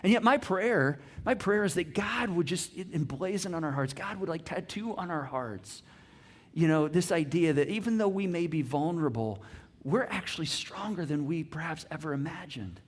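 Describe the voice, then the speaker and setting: A middle-aged man preaches with a somewhat high voice, rising to loud emphasis and then dropping to near hush. He stumbles over repeated words as he presses a point. He turns to the congregation with questions. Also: normal speed, slightly rough. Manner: animated, swings from loud emphasis to soft hushed lines. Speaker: pastor. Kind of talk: sermon.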